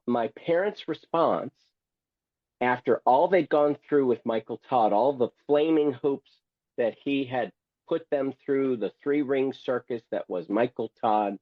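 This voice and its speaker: A man's voice: medium pitch, dry recording, phone-quality sound. A man who is a guest and memoir author, telling a story theatrically and with humor, acting out other people's voices. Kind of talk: storytelling, reading from his memoir.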